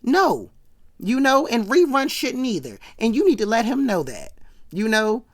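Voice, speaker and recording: A woman's voice: on the high side, sing-song, moderate pace. A woman giving a chatty, slangy recap of an old sitcom episode, with asides to her viewers. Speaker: vlogger.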